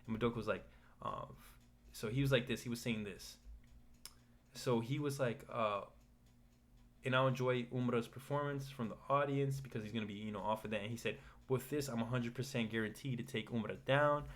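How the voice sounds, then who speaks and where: A man's voice: mid-range voice, a little fast. A man casually recapping manga chapters, rambling with restarts and loose paraphrase. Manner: rambling, restarts, paraphrases characters in a flat retelling. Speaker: manga commentator.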